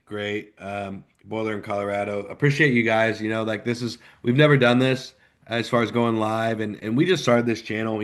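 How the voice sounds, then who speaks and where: A man co-hosting a live sports podcast, ranting with sudden swings between loud outbursts and low mutters. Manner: ranting, animated, jumps between loud and quiet. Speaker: podcast co-host. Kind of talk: live postgame sports chat.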